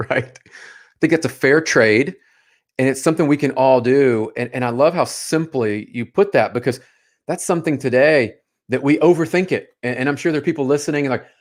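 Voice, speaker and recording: A man's voice: mid-range voice, normal speed. A man hosting a casual interview show, enthusiastic and affirming toward his guest. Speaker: host.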